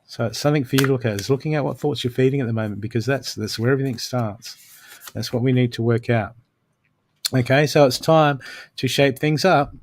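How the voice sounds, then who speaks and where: A man of ordinary pitch reads oracle cards live and talks straight to the listener. He gives pep-talk advice and keeps checking in with a steady stream of "okay"s. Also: brisk, slight background noise. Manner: coaching, repeats "okay" often. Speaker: intuitive card reader. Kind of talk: live oracle card reading.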